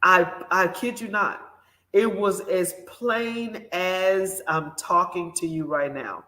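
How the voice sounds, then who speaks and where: A woman hosting a morning show, telling a personal story in an animated, emphatic way and speaking straight to her listeners. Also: lowish voice, slow pace. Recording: roomy echo.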